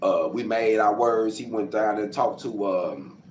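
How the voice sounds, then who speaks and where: A man from Arkansas, casually telling his life story to camera, acting out quotes and sound effects and getting loud as he goes. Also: fairly low pitch, unhurried. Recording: roomy with faint background noise.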